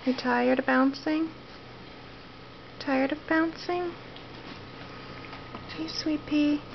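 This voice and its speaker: A woman talking softly to her baby in sing-song questions, recorded on a home video. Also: high voice, fairly even intonation, extremely slow, vocal fry. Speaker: mother. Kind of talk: baby talk to her infant. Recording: muffled home video with faint hiss.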